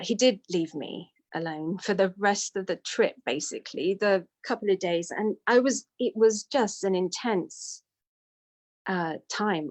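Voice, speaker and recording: A woman telling a personal story in a candid, self-deprecating way. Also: mid-range voice. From United Kingdom. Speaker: devotee sharing testimony.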